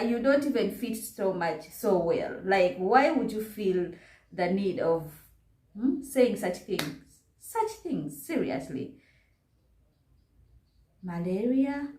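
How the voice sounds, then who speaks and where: A woman's voice: on the high side, darkish tone. A woman with a Ugandan English accent giving an indignant reaction commentary, full of rhetorical questions. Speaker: vlogger. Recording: echoey room.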